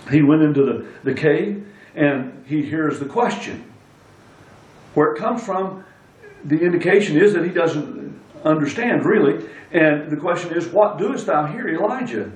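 Male preacher, emphatic delivery, a bit high, roomy echo. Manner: emphatic, stresses single words. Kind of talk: sermon. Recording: echoey room, speaker far from mic.

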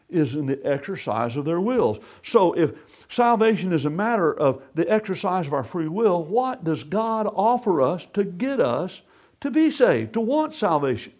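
A man gives a scripture lesson in a slightly raised voice. His pitch rises and falls widely as he stresses words. He reads old scripture formally and then explains it plainly. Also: darkish tone. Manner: measured, emphatic delivery with formal King James readings. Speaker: Bible class teacher.

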